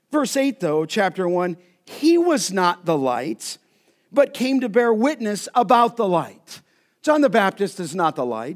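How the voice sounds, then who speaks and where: High-voiced preacher teaching scripture. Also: male voice. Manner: emphatic, slows down to stress scripture. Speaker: pastor. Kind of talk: expository sermon. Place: church sanctuary.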